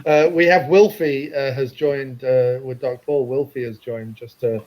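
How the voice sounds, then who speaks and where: A man's voice: mid-range voice, fairly even intonation, a little slow, a little mellow, low-quality recording. A man hosting a casual video call chat, teasing his guests and laughing often. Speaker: podcast host.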